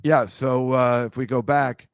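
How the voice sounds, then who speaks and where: A man's voice: mid-range voice, steady tone, measured pace, no room sound, clean studio sound. A man hosting a casual comedy chat, teasing his guest with a guessing game of photo clues. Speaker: podcast host.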